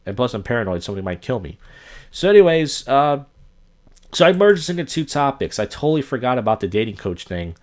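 A man's voice: mid-range voice, sing-song, fast, darkish tone. A young man hosting a solo podcast, rambling through a long story and acting out the people he quotes. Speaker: podcast host.

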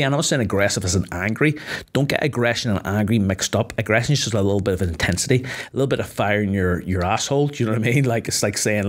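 A man's voice: lowish voice, fast talker. Swearing man explaining fight lessons. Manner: swears freely, fills with "like", lively explaining. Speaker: MMA fighter guest. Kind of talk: casual podcast chat.

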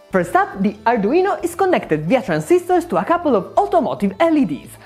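Woman, comic villain narration, hugely swinging pitch, husky, sarcastic. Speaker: YouTube maker.

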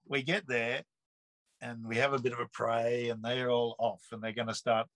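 A man's voice: medium pitch, moderate pace, dry recording, low-quality recording. Australian man telling his story. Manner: lively storyteller who acts out the people he quotes. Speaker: interviewee. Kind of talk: personal testimony storytelling.

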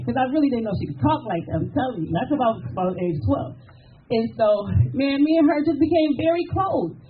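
Middle-aged woman preaching a memorial tribute, fairly high voice, thin phone-ish sound. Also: animated, fast talker, narrow, tinny audio, faint music behind. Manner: preacher-like call and response with the crowd. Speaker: daughter giving a memorial tribute.

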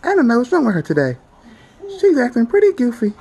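A woman, a mother, singing and talking to a toddler in a slow, drawn-out sing-song. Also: on the high side, wildly swooping pitch, dark tone, slightly rough.

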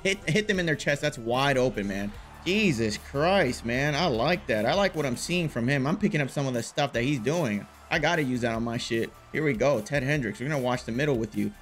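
A man commentating his own video game match, casual and full of slang, muttering one moment and yelling the next. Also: mid-range voice, brisk, soft background music. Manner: animated, swings from muttering to loud outbursts, casual slang. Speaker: gaming YouTuber. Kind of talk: excited live gameplay commentary.

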